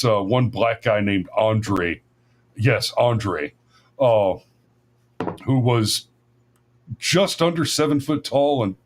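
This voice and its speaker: Rambling, profane man telling a story. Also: medium pitch. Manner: rambling, profane, many restarts and self-corrections. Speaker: podcast host. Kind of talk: casual storytelling.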